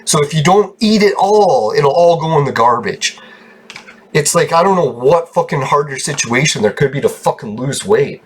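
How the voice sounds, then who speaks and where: Streaming a game from his room, this man rambles through an angry rant full of constant swearing. His voice sits fairly high and sounds husky, with lively intonation at a moderate pace.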